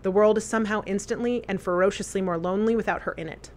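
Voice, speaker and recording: A woman earnestly reading a memorial letter aloud, with deliberate phrasing. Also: medium pitch, a little mellow.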